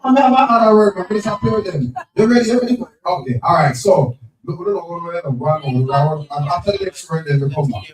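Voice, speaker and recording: A man, hosting a live spelling game at an event, brisk and teasing, repeating each word. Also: on the high side, expressive, a crowd in the background. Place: event venue with crowd. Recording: echoey, distant from the mic.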